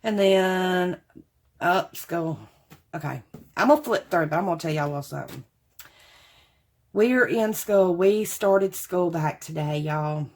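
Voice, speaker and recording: A woman's voice: on the low side, a little slow, pauses often. A woman, chatting casually to camera about craft supplies she bought, rambling and calling her viewers y'all. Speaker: craft haul vlogger.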